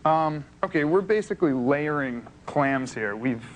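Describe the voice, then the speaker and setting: A man's voice: fairly high pitch, animated, a little slow, slight background noise, low-quality recording. A man from Boston, a guest cook on a cooking show, easygoing and agreeable as he talks through his recipe. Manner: easygoing, agreeable, says yep often. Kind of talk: casual cooking chat.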